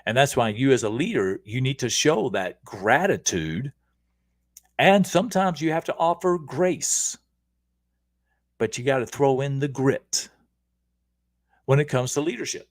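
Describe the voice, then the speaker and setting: A man's voice: medium pitch, lively intonation, a little slow, pauses often, dry recording. A middle-aged man hosting a casual livestream, energetically coaching viewers on leadership and often checking in with "okay?". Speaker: leadership coach and show host.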